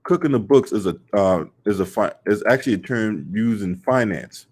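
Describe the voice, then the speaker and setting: A man with a low-pitched voice and hosts a casual commentary stream. He talks loosely, swears freely and fills his sentences with "um" and "you know." He calls out to viewers in his chat as he goes. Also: lively intonation, normal speed, darkish tone. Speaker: host of a sports and politics channel.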